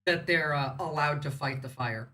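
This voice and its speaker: A woman from the United States riffs through casual political commentary on her livestream, blunt and sarcastic. Her voice sits low for a woman but has a bright, forceful edge, and she rambles from point to point. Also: moderate pace. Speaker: livestream host.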